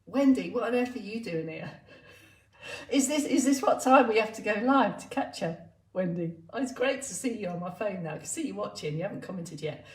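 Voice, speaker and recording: A woman's voice: mid-range voice, lively intonation, brisk. A woman exercise instructor chatting playfully on a live stream, laughing often. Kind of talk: live-streamed casual chat. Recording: roomy, distant sound.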